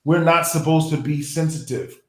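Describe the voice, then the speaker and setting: A man's voice: fairly high pitch, moderate pace, echoey room, poor audio. A man talking in a reflective, philosophical way during a casual conversation, drawing out his phrases.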